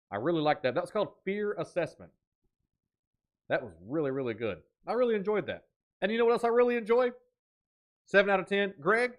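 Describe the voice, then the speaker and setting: A man hosting a live horror-game stream, giving energetic commentary and teasing his chat with jokes. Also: mid-range voice, highs cut off. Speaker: streamer host.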